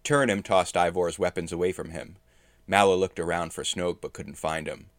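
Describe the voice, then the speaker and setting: Deep-voiced man, dry close sound, recounts a fantasy game session as a story. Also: normal speed, dry recording. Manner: steady, understated prose narration. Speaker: narrator recapping a tabletop game.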